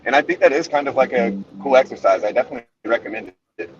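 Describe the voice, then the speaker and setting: A man's voice: medium pitch, lively intonation, rapid-fire. A man in a casual group discussion, easygoing and reflective, chuckling now and then. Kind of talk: casual group video chat. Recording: distant dull mic with faint hiss.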